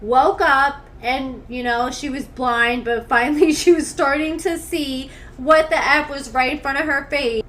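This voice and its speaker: A woman's voice: high voice, fairly even intonation, unhurried, hardly any pauses, a bit bright, a little hiss or hum. A woman hosting a gossip commentary channel, reading messages aloud with blunt, sarcastic asides into a desktop studio mic. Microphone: desktop USB studio mic.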